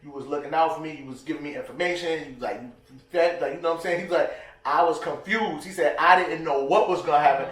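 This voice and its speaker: Male co-host, casual and slangy, animated, recorded far from the mic in a roomy space. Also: fairly high pitch, rapid-fire, few pauses. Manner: animated storyteller, slangy, acts out quotes. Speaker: podcast co-host. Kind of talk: casual chat. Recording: echoey room, distant mic.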